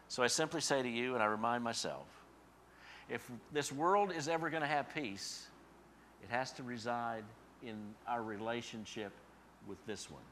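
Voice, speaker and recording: A male pastor giving a sermon, building to loud emphatic peaks and dropping to soft, quiet endings. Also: medium pitch, moderate pace.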